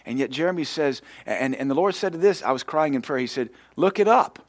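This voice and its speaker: A man preaching a sermon with impassioned, storytelling delivery that swells louder and higher. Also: lively intonation, fast, no room sound. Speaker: pastor.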